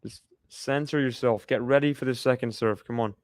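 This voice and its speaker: Aussie guy doing live tennis play by play, smooth clear voice, dry close sound, laughs a lot. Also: mid-range voice, steady tone, moderate pace, no echo. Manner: chatty, laughs often, cheers on players. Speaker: tennis watchalong commentator.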